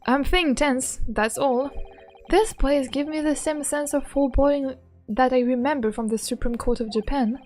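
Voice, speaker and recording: A woman reading the lines of an earnest young male law student from a game, in her own high voice. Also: normal speed, a little mellow, faint music behind, natural voice. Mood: tense. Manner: reading game dialogue aloud plainly.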